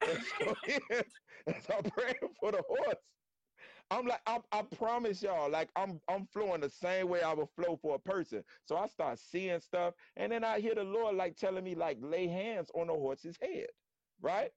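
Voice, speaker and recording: Brief: high-voiced storyteller, lively slang testimony, dry dull stream sound. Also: male voice, normal speed, no echo. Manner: animated, slangy, acts out quotes in a high voice. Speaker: guest storyteller. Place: live-streamed conversation.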